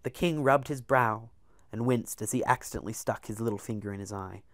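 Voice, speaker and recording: A man reading a science fiction novel aloud as a storyteller, with measured, dramatic emphasis. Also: fairly low pitch, dry recording.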